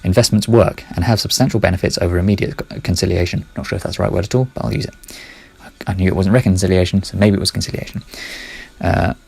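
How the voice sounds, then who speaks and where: A man's voice: deep voice, steady tone, quick pace, gravelly, darkish tone, breathy edge. A man talking through his ideas in a casual monologue, rambling, correcting himself and muttering asides under his breath.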